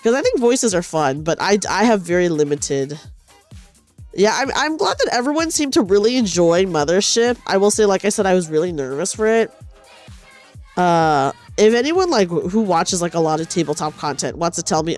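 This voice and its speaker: A young woman streamer with a lowish, slightly mellow voice chats casually while knitting, expressive and at normal speed. She rambles, pokes fun at herself, and often restarts sentences, with faint music in the background.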